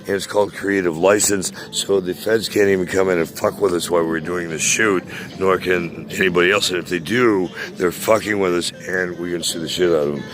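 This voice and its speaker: A man's voice: deep voice, steady tone, a little fast, background noise. A man in his sixties ranting casually to a friend, profane and boastful, rambling with many hesitations. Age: 60s.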